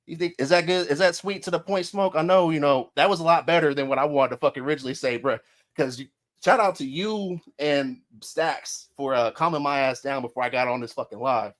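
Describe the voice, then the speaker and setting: A man's voice: fairly high pitch, a little fast, a bit bright. A man hosting a livestream podcast, ranting in a profane, confrontational way and repeating his points for emphasis. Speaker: podcast host. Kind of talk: heated livestream rant. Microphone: streaming mic.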